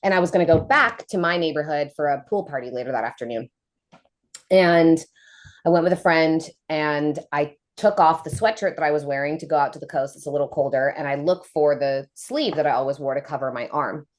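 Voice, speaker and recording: A woman in her thirties tells a personal story as a podcast guest. Her voice sits low, and she talks in a casual, animated way, jumping up in pitch to act out what other people said. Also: fairly quick. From United States. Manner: animated, acts out quoted voices.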